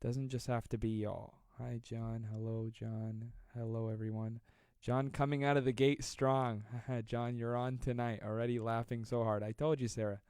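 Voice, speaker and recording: A man in his twenties hosting a live stream, reading viewer comments aloud and joking with a fast, self-deprecating manner. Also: mid-range voice, little pitch movement, a little mellow, clean tone, dry recording, studio quality. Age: 20s. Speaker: livestream host.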